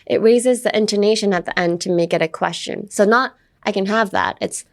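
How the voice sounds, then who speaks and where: A woman's voice: medium pitch, normal speed, creaky. Young woman host, casual lesson podcast, playful and chatty, lots of "like" and "um", slips into Japanese now and then. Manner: chatty, playful, full of fillers like "like" and "um"; switches between English and Japanese. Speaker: English teacher host.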